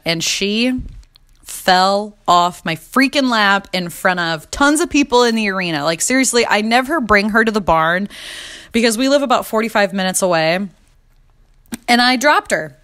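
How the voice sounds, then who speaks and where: A woman's voice: mid-range voice, a bit bright. A young woman in her twenties telling funny mom-fail stories in a casual confessional chat, laughing often and swearing freely. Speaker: mom vlogger.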